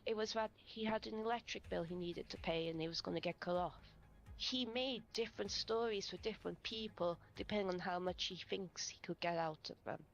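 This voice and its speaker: A woman recounting a personal story in an interview, emotional and halting, with many fillers. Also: medium pitch, rough recording. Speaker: interviewee in a video.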